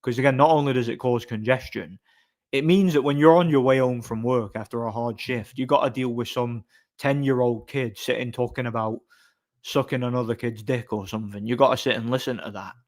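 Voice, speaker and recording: A man's voice: mid-range voice, fairly even intonation, brisk, a little mellow. A man chatting casually on a live stream, answering chat in a blunt, opinionated, rambling way.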